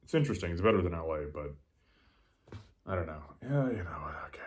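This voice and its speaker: A tipsy American man talks low into his camera late at night, rambling and profane. His voice sits deep, and he keeps it hushed and offhand. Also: lively intonation, quick pace, long pauses. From Los Angeles. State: a little drunk. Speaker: vlogger.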